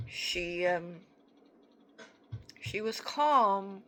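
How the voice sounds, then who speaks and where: A woman telling a personal story in a halting, earnest, reflective way. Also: medium pitch, animated, pushed and bright, poor audio. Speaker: vlogger.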